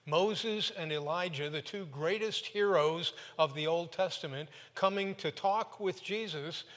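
Male preacher, animated storyteller with a fairly high voice, recorded with long hall reverb. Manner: animated, with quick bursts and sudden drops. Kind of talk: sermon storytelling.

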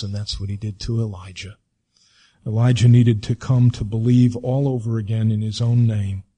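A male preacher delivering a sermon, with expressive, drawn-out emphasis and rhetorical questions. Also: mid-range voice, breathy edge.

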